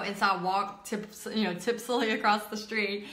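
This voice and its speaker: Thirties woman hosting a live art stream, tells stories in a bright, chatty way, recorded in an echoey room. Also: mid-range voice, steady tone, normal speed, hardly any pauses. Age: 30s. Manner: chatty, filler-heavy, emotional retelling. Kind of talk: casual live-stream storytelling.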